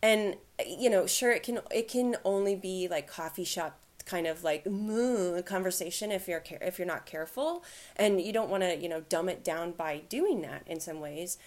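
With a fairly low voice at a moderate pace, a woman co-hosts a casual podcast chat. She rambles at length, using many fillers and laughing frequently.

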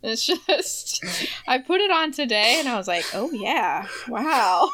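A woman's voice: sits high, big pitch swings, normal speed, sharp tone. A woman co-hosting a podcast in casual chat, laughing often and teasing. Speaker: podcast co-host.

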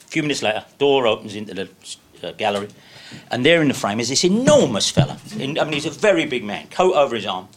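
A man in his sixties, a guest telling casual anecdotes in an animated way and laughing through his stories. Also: mid-range voice, very fast.

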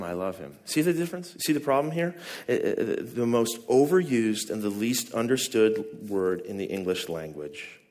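A man's voice: on the low side, darkish tone. Conversational male pastor preaching a sermon. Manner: conversational preaching, asks the congregation questions.

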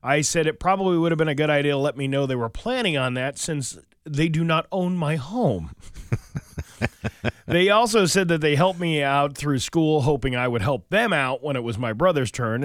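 A man's voice: medium pitch, no echo. A man hosting a morning radio show, reading listener posts aloud and chatting about them with a co-host in a studio.

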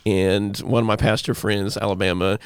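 Gravelly low-voiced pastor. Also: male voice, level tone, moderate pace, no echo, studio quality. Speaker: pastor, co-host. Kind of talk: casual storytelling chat.

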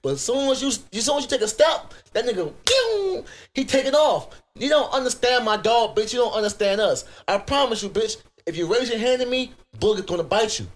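A young man with a Virginia accent and a high-pitched voice co-hosts a crude comedy podcast. He tells his stories in a loud, profane, animated rant, breaking into sudden angry outbursts. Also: brisk, hardly any pauses. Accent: US Southern, Virginia. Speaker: podcast co-host.

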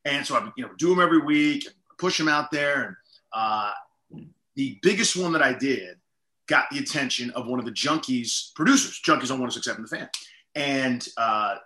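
A man's voice: mid-range voice, lively intonation, normal speed, bright, forceful tone, reverberant. A middle-aged man, a comedian guest, telling stories in a rambling, self-deprecating way full of "like" and "you know". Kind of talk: casual storytelling interview.

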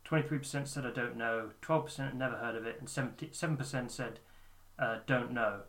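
A man's voice: mid-range voice, quick pace, a bit bright. A man co-hosting a podcast in casual political chat, explaining poll figures step by step. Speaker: podcast co-host.

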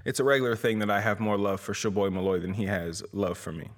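A man's voice: fairly low pitch, fast. A young man hosting a comedy podcast, rambling through profane, jokey plugs for his shows. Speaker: podcast host and comedy promoter. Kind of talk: casual comedic rant.

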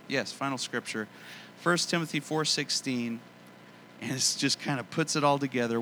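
A man delivers a sermon in a bright, forward voice, earnest and conversational, drawing out the phrases he wants to land. His pitch sits in an ordinary middle range. A faint hiss of noise runs under the recording. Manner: earnest, conversational preaching with emphatic slowed phrases. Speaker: pastor.

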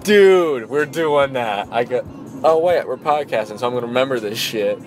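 A young man from New York talking in a car while music plays clearly behind him. He trades loose, profane podcast banter and laughs a lot. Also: medium pitch, expressive, moderate pace, poor audio. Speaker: podcast co-host. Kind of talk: casual podcast chat. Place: parked car.

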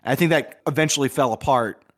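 A man's voice: mid-range voice, fairly quick. A young man co-hosting a podcast, chatting casually about a film and rambling with lots of "like" fillers. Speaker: podcast co-host.

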